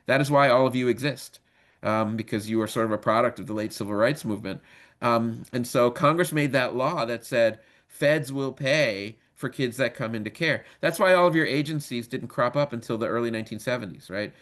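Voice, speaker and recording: A man in his fifties teaching a training webinar. His voice sits in a medium pitch, and he talks casually and jokes with the audience. His pace is steady, and he fills pauses with frequent ums. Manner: casual, joking, many ums. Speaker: legal trainer.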